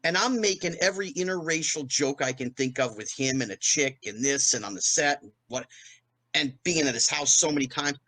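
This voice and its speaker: A middle-aged man, a podcast guest, telling anecdotes in a lively way and acting out the voices of people he quotes. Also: a little high, fairly quick, rough recording. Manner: animated, acts out quoted voices. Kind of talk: anecdotal storytelling.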